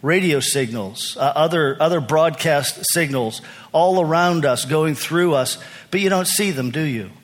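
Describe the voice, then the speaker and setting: A man's voice: fairly high pitch, a little slow. A man preaching a sermon in an earnest, conversational way, often restarting his sentences as he explains. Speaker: pastor.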